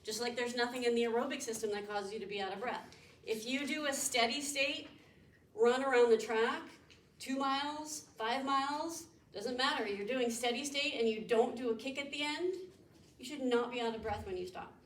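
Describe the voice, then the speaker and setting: Recorded from a distance on an echoey room mic with background noise, a woman professor lectures in a lecture room. Her voice is on the high side and moderately paced as she quizzes students and explains step by step.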